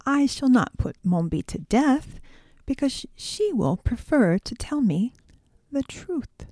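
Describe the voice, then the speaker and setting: A gentle sorceress with a firm, commanding edge, as a woman storyteller puts her on. Her voice sits higher than the narration and stays mellow. She takes each phrase slowly. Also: very animated, dry recording, clean studio sound, heavily acted. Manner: gentle, firm, raised pitch. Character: gentle but stern female sorceress.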